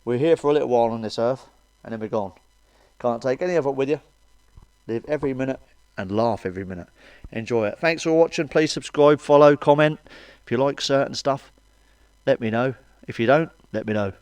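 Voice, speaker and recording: A man's voice: mid-range voice, a little fast, darkish tone, clean tone, dry recording. A man doing a blunt, foul-mouthed stand-up monologue of grumbling rants. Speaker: stand-up comedian.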